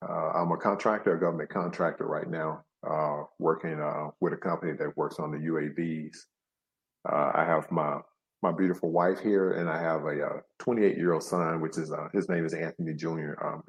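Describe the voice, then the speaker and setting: Middle-aged texas guy, very low voice, hesitant with lots of ums, guest on a show. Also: flat delivery, normal speed. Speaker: author and guest. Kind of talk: casual interview.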